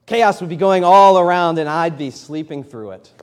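A man's voice: on the high side, normal speed, a little mellow, clear, resonant tone. A man in his thirties delivers a sermon in a slightly raised voice, easy and conversational but pushing up for emphasis. The sound carries the long reverb of a church hall. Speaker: pastor. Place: church sanctuary.

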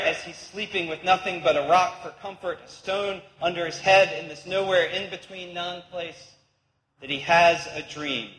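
A man's voice: sits high, pushed and bright, slight background noise. A man preaching a sermon, reading scripture and explaining it in a conversational way with playful asides. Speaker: pastor. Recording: echoey hall with long reverb.

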